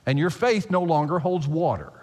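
Animated preaching man in reverberant hall. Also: fairly high pitch, normal speed. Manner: animated, emphatic preaching with repeated phrases. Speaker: pastor. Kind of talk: sermon.

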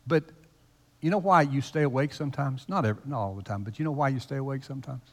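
A fast-talking pastor with a medium-pitched voice preaches a teasing, conversational sermon, his volume rising for emphasis and dropping for quiet asides. The church sanctuary's big space leaves a long reverb on the recording.

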